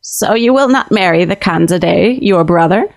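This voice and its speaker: A creaky-voiced old witch, grandmother to a princess, put on by a woman reading the tale. She speaks in short, weighed questions, a little lower and darker in tone, and the recording is dry and close. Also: expressive, normal speed, no echo. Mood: grave. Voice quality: slightly creaky voice. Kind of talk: audiobook fiction reading.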